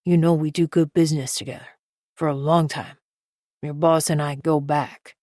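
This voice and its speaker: A woman's voice: low voice, fairly even intonation, moderate pace, darkish tone, dry recording, clean studio sound. Woman voicing a menacing male crime boss. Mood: indignant. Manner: coarse, threatening, swearing. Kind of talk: audiobook narration.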